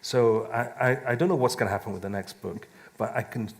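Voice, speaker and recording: A man with a gravelly, creaky tone talks on a live panel. His speech wanders, full of restarts and little laughs. He sounds relaxed and unscripted. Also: mid-range voice, fairly quick. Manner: rambling, self-interrupting, laughs often. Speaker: musician and author on a panel. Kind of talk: casual panel talk. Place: live event stage.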